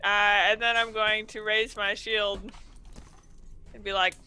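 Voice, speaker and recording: A man's voice: sits high, flat delivery, slow, pauses often, pushed and bright, clear, resonant tone. A man playing a tabletop game who speaks hesitantly, with many fillers. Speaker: player.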